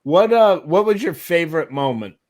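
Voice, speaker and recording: Male host, animated pitch, jokey quick interjections. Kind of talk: casual round-table chat.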